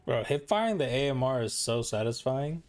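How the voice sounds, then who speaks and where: A young man with a gravelly voice, chatting casually and slangily as a gaming host reviewing footage. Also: mid-range voice, animated, normal speed. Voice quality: gravelly, like a chain smoker. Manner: laid-back, slangy. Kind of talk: casual chat while reviewing gameplay footage.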